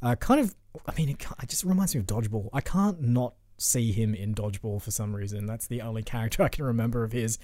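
Mellow-voiced man hosting a film podcast. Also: medium pitch, quick pace, no room sound, studio quality. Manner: easygoing, agrees a lot, fillers. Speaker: podcast host. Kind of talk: casual film review chat.

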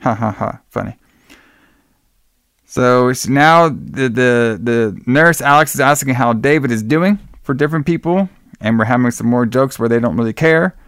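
A man's voice: medium pitch, normal speed, hardly any pauses, fairly bright tone, smooth, dry recording, clean studio sound. An American man co-hosting a podcast, recapping a film in casual, profane, joking chat. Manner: blunt, profane, jokey, says "brother" a lot. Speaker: podcast co-host. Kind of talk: casual movie review chat.

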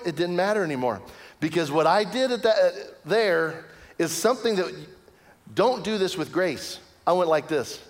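A pastor preaches a sermon in a high-sitting voice, telling a story that swings vividly between loud excitement and hushed, almost whispered lines. A long hall reverb surrounds the recording.

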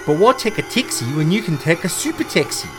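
Brash Kiwi taxi ad guy, put on by a man, salesy, pitched a touch high. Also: big pitch swings, quick pace, background noise. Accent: put-on New Zealand. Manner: brash, salesy, keeps saying bro. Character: pushy male Kiwi taxi company announcer.

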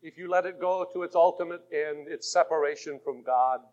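A man preaching a sermon, swinging between fervent shouts and hushed, intimate passages. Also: on the high side, a little fast. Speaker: pastor. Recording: muffled lo-fi 1980s tape.

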